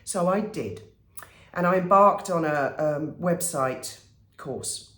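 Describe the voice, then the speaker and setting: A woman vlogger telling stories to camera in a casual way, animated and wry, often exasperated. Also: lowish voice, takes it slowly, echoey room. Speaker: vlogger and commentator.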